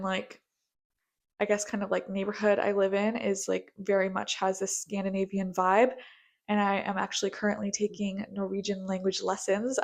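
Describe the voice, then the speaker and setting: A young American woman chatting casually in a bubbly, gushing way, with lots of filler words. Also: mid-range voice. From United States. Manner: bubbly, gushing, filler-heavy with frequent likes. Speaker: book vlogger. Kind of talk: casual chat.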